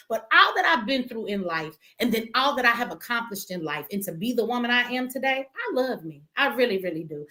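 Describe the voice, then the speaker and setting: A woman's voice: a little high, bright, forceful tone. A middle-aged woman, hosting a livestream and talking bluntly, profanely and with heat to her viewers. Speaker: livestream host. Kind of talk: emotional livestream rant.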